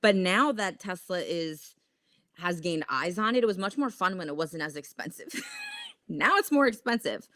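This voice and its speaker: A woman with a lowish voice speaking at normal speed hosts a casual stock trading livestream, reading viewer comments. She's profane, animated, and laughs at herself, and the studio-quality audio has no room sound.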